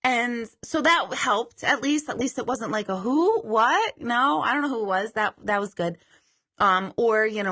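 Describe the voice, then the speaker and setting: Woman, casual live-stream host, self-deprecating and loose-tongued, bright and slightly high voice. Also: animated, measured pace.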